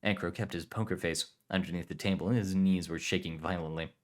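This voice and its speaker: Calm man reading a story aloud. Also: low voice, brisk. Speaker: narrator.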